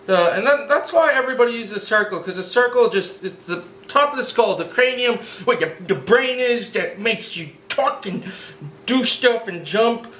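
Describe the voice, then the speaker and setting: Hyped up guy w a high voice rambling thru a drawing lesson, echoey room. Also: moderate pace, slight background noise. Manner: hyper, excitable, rambling. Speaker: drawing tutorial host.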